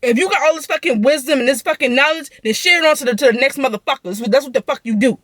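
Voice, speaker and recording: A woman's voice: high voice, fairly bright tone, no echo. A young woman venting through a profane, heated storytime rant. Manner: heated, profane, rapid ranting.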